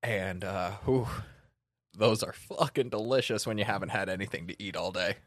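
A man's voice: lowish voice, normal speed, no room sound. Male co-host, laid-back and joking, casual swearing, dry close mic. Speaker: co-host reviewing tequila. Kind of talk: casual chat.

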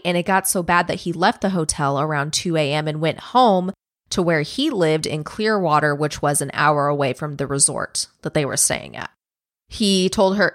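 A woman's voice: fairly low pitch, a bit bright, no room sound, clean studio sound. A young woman co-hosting a podcast, telling a true crime case in casual chat, swearing often and acting out what people said. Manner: casual, swears a lot, acts out quotes.

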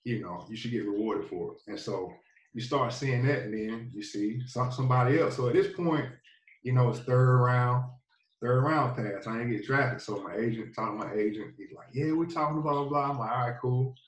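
At a normal speed and medium pitch, a guest who plays pro football and hails from North Carolina relaxes into his story, rambling and dropping fillers everywhere. The mic sits distant in a roomy space.

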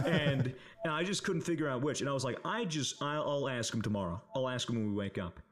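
A young man co-hosting a podcast tells a casual, rambling story in a mid-range voice that runs a little fast. He fills it with fillers and swearing and laughs as he goes.

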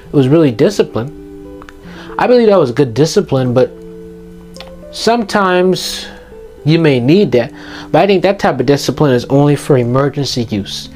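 A man's voice: on the high side, animated, normal speed, long pauses, a little mellow, soft background music. A teenage boy giving passionate, emphatic advice to his viewers in an earnest motivational monologue, repeating his key points. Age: teens. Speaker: youth vlogger giving advice.

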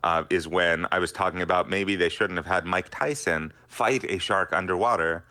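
Middle-aged male scientist guest, low voice, forceful bright delivery, earnest explainer. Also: normal speed. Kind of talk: radio interview answers.

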